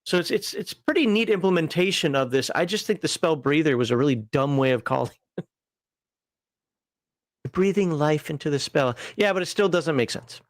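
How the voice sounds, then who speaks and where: A man co-hosting a relaxed tabletop gaming talk show, rambling with frequent laughs and fillers. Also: a little high, normal speed, dry recording, studio quality. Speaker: podcast co-host reviewing a tabletop magazine. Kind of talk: casual chat.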